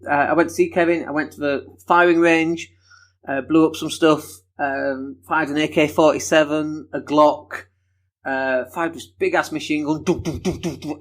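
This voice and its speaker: A man from Leeds, hosting a casual solo podcast in a chatty, enthusiastic, self-deprecating way. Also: on the high side. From Leeds, England. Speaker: podcast host.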